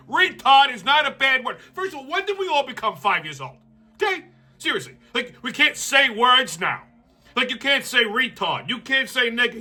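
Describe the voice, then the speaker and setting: Male host, blunt and profane, fairly high voice with a sharp, forceful edge. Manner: blunt, heated, swears constantly. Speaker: show host. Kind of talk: profane political commentary rant.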